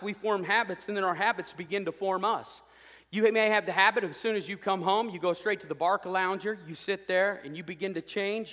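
A man preaching a sermon as pastor, fired up and swinging between loud declarations and hushed asides. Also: sits high, long reverb tail. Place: church sanctuary.

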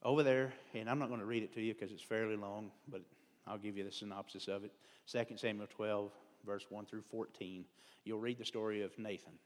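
A man's voice: fairly low pitch, fairly even intonation, brisk. Folksy man preaching in an echoing hall. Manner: conversational, digressive, self-deprecating humor. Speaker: lay preacher. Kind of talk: folksy sermon. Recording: long hall reverb.

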